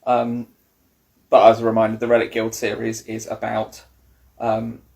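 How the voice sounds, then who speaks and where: A man's voice: fairly low pitch, completely flat delivery, moderate pace, gravelly, a little mellow. A man co-hosting a casual hobby chat about books, with dry joking asides. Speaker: podcast co-host.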